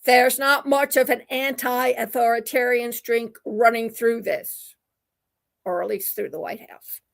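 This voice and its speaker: A woman's voice: fairly high pitch, fairly even intonation, unhurried, gravelly. A woman hosting a talk radio show, reading news quotes with sarcastic asides. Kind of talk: opinion commentary reading quotes.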